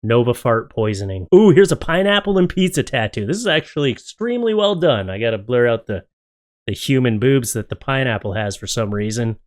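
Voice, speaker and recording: A man's voice: medium pitch, sing-song, brisk. Chatty jokey guy riffing on tattoo pics, talks to his dog, office setup. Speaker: streamer reacting to tattoo photos. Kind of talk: casual comedic commentary. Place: home office.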